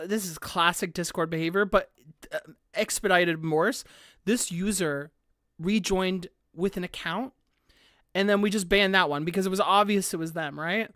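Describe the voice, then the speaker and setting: A woman's voice: medium pitch, a bit bright, dry recording, clean studio sound. A woman streamer chatting casually on a live stream, rambling with lots of "like" fillers and frequent laughter.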